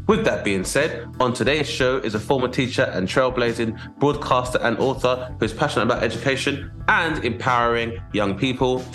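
A man's voice: on the low side, fairly bright tone. A man hosting a comedy podcast, riffing in a loose, jokey, rambling way. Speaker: podcast host. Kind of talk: casual comedy podcast chat.

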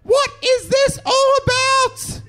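A man putting on a shrill, indignant letter-writer voice, reading in an exaggerated sing-song. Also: steady tone, slow, sharp tone, a faint crowd, exaggerated voice. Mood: mock outrage.

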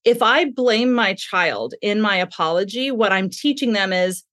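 A woman explaining parenting ideas in a calm, thoughtful way in a podcast conversation. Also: mid-range voice, measured pace, no room sound, clean studio sound. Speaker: parenting expert guest.

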